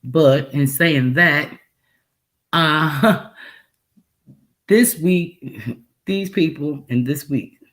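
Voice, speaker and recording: Reacting to a video on her relaxed livestream, a deep-voiced woman draws out her words and leaves long pauses. Her accent mixes Texan and New York, and she laughs a lot while repeating phrases.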